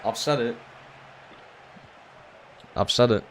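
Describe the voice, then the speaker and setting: A man's voice: medium pitch, slow pace. A young Geordie man from Newcastle, streaming a football game and ranting with lots of swearing. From Newcastle, England. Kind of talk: live gaming commentary.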